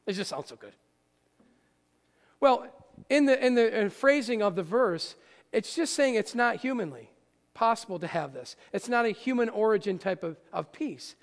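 A man preaching a sermon as pastor, animated and often asking the audience questions. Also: high voice, vocal fry. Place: church sanctuary. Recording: church hall with long reverb.

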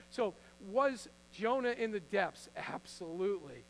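A pastor preaching a sermon to a live congregation in an earnest, conversational way, sometimes acting out Bible figures. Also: male voice, high-pitched, lively intonation, measured pace, vocal fry, hardly any pauses, a bit bright, a little hiss or hum, poor audio. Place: church before a congregation.

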